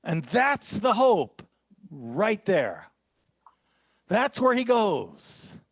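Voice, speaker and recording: Animated pastor teaching a psalm. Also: male voice, sits high, unhurried, no echo. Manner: teaching, conversational, often quoting the psalm aloud. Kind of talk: sermon.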